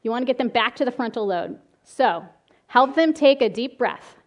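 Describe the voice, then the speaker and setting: A middle-aged woman giving a talk on calming angry children, telling lively stories from her own family and work, often laughing and acting out the children's voices. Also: a little high, normal speed. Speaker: child behavior specialist giving a parenting talk. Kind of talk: presentation with slides.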